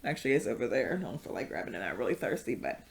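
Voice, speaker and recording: A woman's voice: a bass voice, very animated, very fast, vocal fry. A woman leading a casual yoga class, chatty and rambling, with many fillers and frequent laughs. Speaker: yoga instructor.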